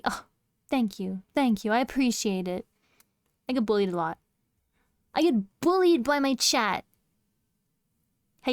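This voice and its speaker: A woman's voice: on the high side, darkish tone, no echo. A young woman streaming from home, chatting casually with her viewers in a playful, teasing way and laughing often. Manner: playful, giggly, teasing chat.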